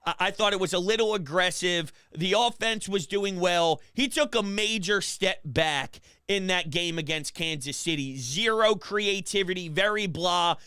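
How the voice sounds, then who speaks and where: A man hosting a sports talk show, ranting fast and animated in an opinionated way, with quick restarts. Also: sits high, clear, resonant tone, no room sound, studio quality. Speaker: sports podcast host.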